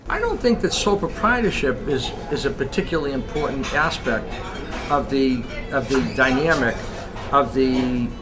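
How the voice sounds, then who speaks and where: A man, a restaurateur, giving a thoughtful interview, with halting speech and repeated words. His voice is at a middle pitch, and loud music plays behind him. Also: lively intonation. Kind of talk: reflective interview.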